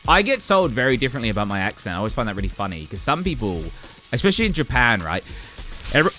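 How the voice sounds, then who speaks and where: An Englishman with an English accent chatting on a live stream, his pitch swinging widely as he talks. His tone is bright and forward, and he laughs often. Faint music plays behind him. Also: big pitch swings, racing. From England. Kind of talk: casual live-stream chat.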